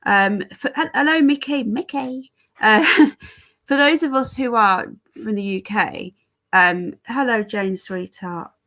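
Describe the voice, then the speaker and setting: A woman's voice: a little high, slow pace, a bit bright. Chatty English woman live-streaming. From England. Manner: chatty, greeting viewers by name; talks while fiddling with settings. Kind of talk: casual live-stream chat.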